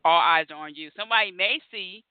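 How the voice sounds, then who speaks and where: A man's voice: sits high, fast, clear, resonant tone, dry recording. A man hosting a casual conversation, telling stories animatedly and acting out his own reactions. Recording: tinny phone-like line.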